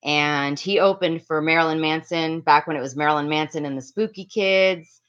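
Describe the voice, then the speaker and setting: In a low-pitched, fairly bright voice at normal speed, a middle-aged Miami-area woman chats her way through a casual livestream story, reading viewer names as she rambles. The audio is lo-fi and slightly dull.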